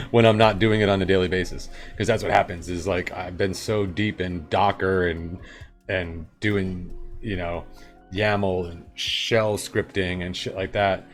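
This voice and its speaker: A man's voice: sits low, fairly even intonation, moderate pace, soft background music. A man streaming live coding, thinking aloud in a rambling, self-amused way. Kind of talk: casual coding chat.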